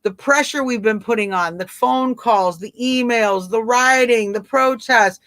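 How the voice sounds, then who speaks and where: A woman's voice: on the high side, measured pace, few pauses, a bit bright, no room sound. A woman with a Southern twang hosting a live stream, chatting casually and answering viewers by name in an emphatic way. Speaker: livestream host.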